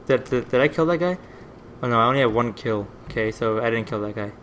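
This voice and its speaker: Rambling excitable gaming commentator, man. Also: medium pitch, fast, a little hiss or hum. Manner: rambling, easily excited, swears. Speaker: gaming video host. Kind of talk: let's play commentary.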